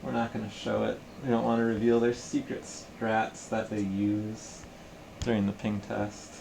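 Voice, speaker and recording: Low gravelly man chatting on a stream. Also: measured pace. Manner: relaxed, rambling, chuckling asides. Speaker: stream caster. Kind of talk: casual livestream chat. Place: home room. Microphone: computer camera mic. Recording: noisy room ambience.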